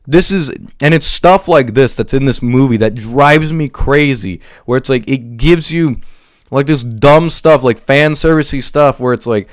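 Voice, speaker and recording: Male movie reviewer, mid pitch, dry and close, exasperated profane ranter who stammers. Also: clean tone, no echo.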